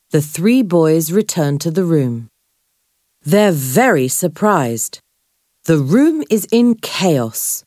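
Slow low woman reading a storybook. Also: no room sound, clean studio sound. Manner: slow, clear, expressive. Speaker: narrator. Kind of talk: scripted graded-reader narration.

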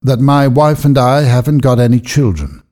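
A man playing an earnest wealthy gentleman. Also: medium pitch, lively intonation, normal speed, close to an everyday voice. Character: wealthy gentleman, pleading then agitated.

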